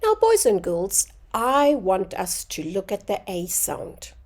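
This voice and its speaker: A woman teaching a phonics lesson to young children, sounding out words slowly and clearly. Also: medium pitch, huge pitch swings, darkish tone.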